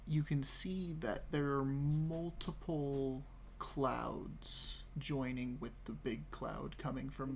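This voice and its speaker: Gravelly guy running the game, talks real slow, bit of hiss behind. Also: medium pitch. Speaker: game master. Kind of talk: narrating a tabletop game. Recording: faint background noise.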